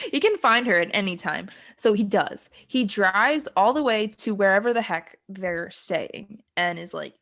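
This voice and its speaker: A young adult woman co-hosts a podcast, casually recapping a film's plot in a rambling chat full of ums and frequent giggles. Her mid-range voice is a bit bright, a little slow, and has lively intonation.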